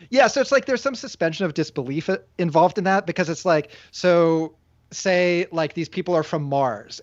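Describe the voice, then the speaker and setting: A man's voice: on the high side, no room sound. A man hosting a podcast in casual chat, rambling with lots of filler words. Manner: rambling, heavy use of "like". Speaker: podcast host. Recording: dry, dull lo-fi sound.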